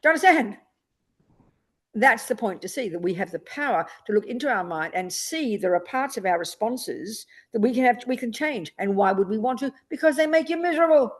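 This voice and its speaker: A Buddhist nun teaching a dharma talk, blunt and emphatic, often checking with rhetorical questions. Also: female voice, on the high side, animated, a little fast.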